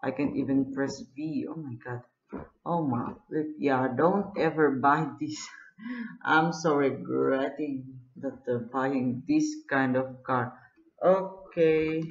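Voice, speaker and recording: A gamer giving live gameplay commentary, excitable, full of exclamations and frustrated groans. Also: medium pitch. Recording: dull lo-fi recording.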